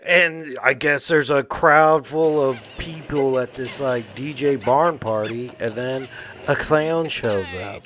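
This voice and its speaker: A man's voice: fairly high pitch, a little slow, a bit bright, a little hiss or hum. A man giving a casual, slangy movie recap, laughing often and acting out the characters' lines. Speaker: movie kill-count commentator.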